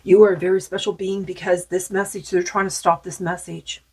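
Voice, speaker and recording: A woman's voice: lowish voice, little pitch movement, brisk, slightly rough. A woman doing a spiritual tarot card reading in a rambling, musing way with many fillers, saying she is losing her voice.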